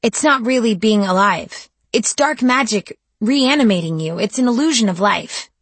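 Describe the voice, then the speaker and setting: Woman narrator as a sharp, defiant teen heroine, low husky voice, dry recording. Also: level tone, fairly quick, no room sound. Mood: insistent. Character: defiant teenage girl vampire hunter. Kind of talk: audiobook dialogue.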